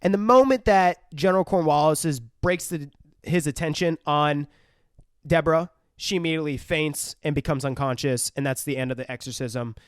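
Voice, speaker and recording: A man's voice: fairly high pitch, normal speed, clear, resonant tone, no room sound, studio quality. A man co-hosting a podcast, casually and profanely retelling movie scenes in a film review chat. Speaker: podcast co-host.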